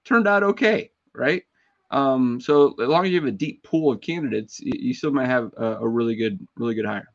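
A man's voice: medium pitch, steady tone, fairly quick, creaky, muffled recording. A man hosting a casual sports talk chat, his voice jumping up when he makes a point.

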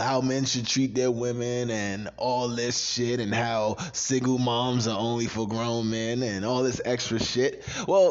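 A man ranting on a casual podcast, loud, profane and animated, laughing at his own jokes. His voice sits at an ordinary pitch. The recording sounds dull and lo-fi. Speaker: podcast co-host.

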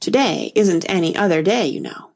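A woman's voice: on the low side, big pitch swings, moderate pace, gravelly, a little mellow, full character voice. A woman voicing a flustered, untidy queen who talks in a vague, wistful way. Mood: fussy. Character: flustered untidy White Queen, muddled and plaintive.

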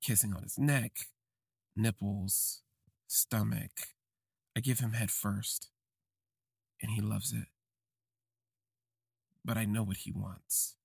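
A young adult man hosting a podcast, telling a confessional first-person story in slow, halting, reflective phrases. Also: fairly low pitch, steady tone, creaky, darkish tone, husky, dry recording, clean studio sound. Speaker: podcast host.

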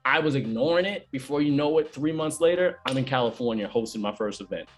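A man who hosts events and does comedy, telling stories in a casual chat, animated and full of slang. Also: mid-range voice, soft background music. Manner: animated storyteller, fast slangy talk.

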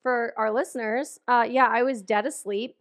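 Casual podcast co-host, woman, higher-pitched voice, rambling with lots of fillers. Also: steady tone, normal speed. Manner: rambling, many fillers and restarts. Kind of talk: casual chat.

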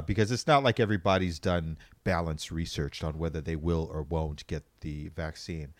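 A man co-hosting a casual podcast chat, telling stories in a rambling, animated way with frequent restarts. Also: sits low, no room sound.

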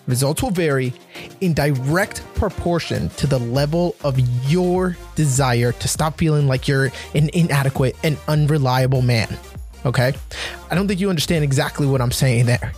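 A man hosting a motivational talk for men, speaking earnestly and emphatically, slowing down to repeat his key points. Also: mid-range voice, darkish tone, faint music behind. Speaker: men's motivational podcast host.

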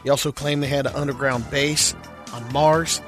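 A man co-hosting a comedy talk show, reading odd news items in a casual, deadpan way. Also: mid-range voice, normal speed, soft background music. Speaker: co-host reading news segments. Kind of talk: casual radio-style banter.

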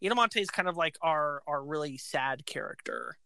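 A woman casually retelling an opera plot, animated and acting out the characters' lines. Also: low voice, normal speed, no echo.

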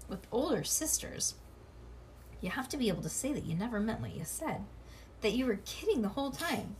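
A woman reading a children's storybook aloud, animated, with asides to a child listening. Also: a little high, fairly quick, slight background noise. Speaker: reader.

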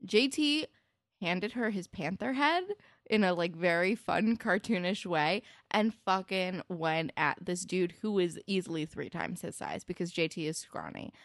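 A woman's voice: lowish voice, lively intonation, unhurried, no echo, studio quality. A woman co-hosting a podcast, talking enthusiastically about a TV episode with plenty of swearing and fillers. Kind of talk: casual TV recap chat.

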